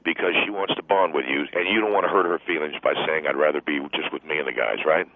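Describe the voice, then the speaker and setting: A man's voice: rumbling low, fast, no echo, voice pushed down. A man voicing an irritable middle-aged football coach who rants indignantly about wives at games, heard over a phone line. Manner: blustering, indignant ranting.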